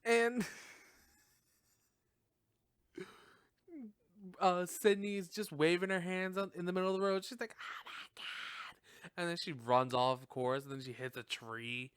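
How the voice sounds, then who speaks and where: On his podcast, a man reviews a film with a loose, meandering recap full of laughter and free swearing. He has a high-pitched, a bit bright voice with a clear, resonant tone and a moderate pace, recorded dry at studio quality.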